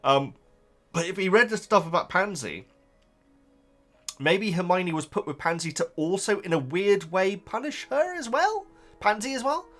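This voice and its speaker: A young man casually reacting to a book he is reading, rambling and halting, often stopping to laugh at himself. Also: sits high, very animated, a bit bright, soft background music.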